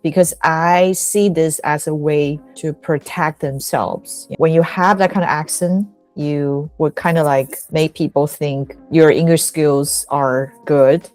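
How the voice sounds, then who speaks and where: Female guest teacher, low voice, slow and halting, casual. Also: darkish tone. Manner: hesitant, searches for words. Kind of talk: casual chat.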